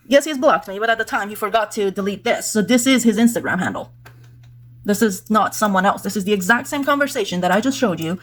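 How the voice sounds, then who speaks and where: A woman vlogger walking through screenshots in casual, exasperated talk, peppered with "like" and "blah, blah". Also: mid-range voice. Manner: indignant, exasperated; conversational, with fillers like "like" and "blah, blah".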